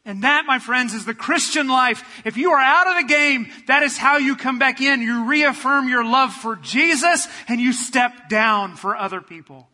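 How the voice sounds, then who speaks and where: A man preaching a sermon, building to loud passionate peaks and dropping to a soft, quiet prayer. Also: very high voice, expressive, normal speed, hardly any pauses, long reverb tail. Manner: preaching with rising fervor, then quiet prayer. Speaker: pastor.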